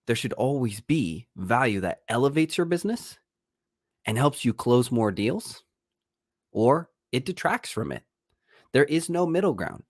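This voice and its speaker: A man's voice: mid-range voice, big pitch swings, measured pace, dry recording, clean studio sound. A man who is a real estate agent and coach, slightly sick, talking to camera in an upbeat, emphatic way with an American accent. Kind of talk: energetic vlog talk to camera.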